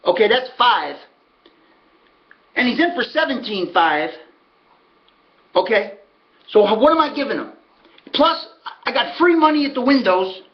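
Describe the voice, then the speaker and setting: Animated man telling a long story. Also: very high voice, measured pace, long pauses. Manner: animated, acts out quoted voices. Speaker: podcast host telling racing stories. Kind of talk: casual storytelling. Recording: dull lo-fi audio.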